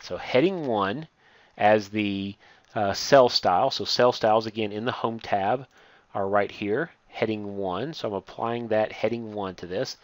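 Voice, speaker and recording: A man teaching a step-by-step software lesson, reading each instruction aloud and then explaining it as he works on screen. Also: fairly low pitch, no echo. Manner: reads steps aloud, then explains while clicking. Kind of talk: software tutorial walkthrough.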